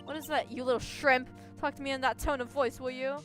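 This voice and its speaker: A brash, scheming young woman on the witness stand snaps back with shrill, sassy indignation, as a woman streamer puts her on. The voice sits a bit high. Faint music plays under it. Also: steady tone, a little fast, a bit bright. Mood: indignant.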